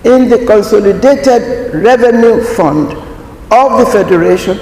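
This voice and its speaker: Slow, emphatic man in echoey hall. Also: high-pitched, darkish tone, slight background noise. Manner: slow, deliberate, emphatic delivery. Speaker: conference speaker. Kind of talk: formal prepared speech. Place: large conference hall. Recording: echoey hall, faint ambience.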